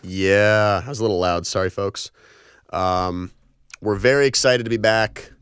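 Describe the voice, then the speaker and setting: A man's voice: fairly low pitch, measured pace, a bit bright, smooth, dry recording. A young man in his twenties hosting a college radio show in a small studio, rambling and apologizing in a casual way. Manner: apologetic, rambling, self-deprecating. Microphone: studio microphone.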